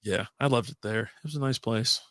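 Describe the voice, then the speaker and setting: A man's voice: lowish voice, fairly quick, fairly bright tone, dry recording. Laughing, swearing man on a podcast. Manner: laughs often, swears freely, loose banter. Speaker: podcast co-host. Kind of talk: casual chat over beers.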